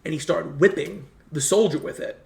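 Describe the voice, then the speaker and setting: A man in casual conversation telling history stories in a halting way, full of restarts. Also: on the high side, creaky. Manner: rambling, halting history storyteller with many restarts. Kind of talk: casual storytelling chat. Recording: echoey room.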